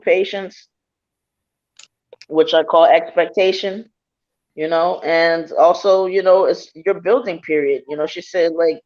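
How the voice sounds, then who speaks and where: Calm man giving a reading, dull lo-fi sound. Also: fairly high pitch. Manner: calm, reassuring, repeating key phrases. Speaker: psychic reader. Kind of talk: spiritual reading.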